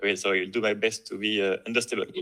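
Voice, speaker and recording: A man's voice: fairly low pitch, level tone, racing, sharp tone. A French man in his twenties, a native French speaker, introducing himself with a French accent in a hesitant, apologetic way, searching for words. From France. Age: 20s. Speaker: guest student. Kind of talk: casual self-introduction.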